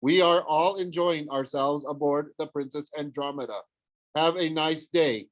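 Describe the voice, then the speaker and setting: A man voicing a glassy-eyed male crew member reciting flat, mechanical pleasantries. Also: on the high side, unhurried, no room sound, rough recording. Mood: dazed. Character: glazed, trance-like male cruise crew member.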